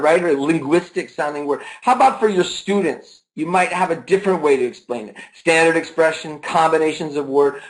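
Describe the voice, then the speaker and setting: Lively man teaching a webinar. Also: on the high side, low-quality recording. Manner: lively, asks the audience questions and answers himself; stretches words to show stress and intonation. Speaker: webinar presenter.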